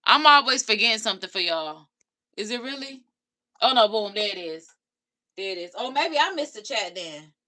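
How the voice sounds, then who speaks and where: A woman's voice: fairly high pitch, expressive, moderate pace, bright, forceful tone. A young woman, reacting to viewer comments on her live stream in sassy casual chat. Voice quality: raspy. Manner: sassy, talks back to commenters.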